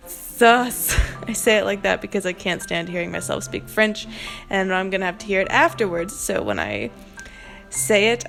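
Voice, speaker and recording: An American woman with a gravelly, medium-pitched, fairly bright voice narrates her own cooking video. The voiceover was recorded in her home kitchen, and she's casual and self-mocking, joking about the mistakes she makes.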